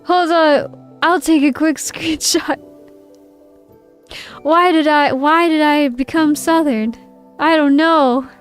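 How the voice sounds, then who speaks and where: Streamer, woman, high bright pitch, giggly casual chat, soft music bed behind. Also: steady tone, slow pace, pauses often. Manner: playful and giggly, reads chat aloud. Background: faint background music.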